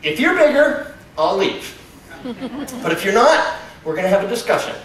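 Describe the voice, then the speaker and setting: A man's voice: high-pitched, very animated, normal speed, fairly bright tone. A man voicing a wary wild bear sizing up a human, comic and exaggerated, recorded from far off in an echoey, noisy hall.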